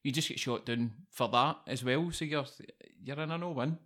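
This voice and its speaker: A man hosting a casual interview, relaxed, with brief agreeing replies and short questions. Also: medium pitch, moderate pace. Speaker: podcast host.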